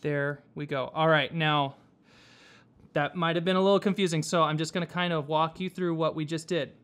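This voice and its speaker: A man teaching whipmaking, explaining each step patiently with frequent pauses and fillers. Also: on the high side, steady tone, a bit bright. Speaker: whipmaking instructor. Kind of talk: hands-on craft tutorial. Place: workshop.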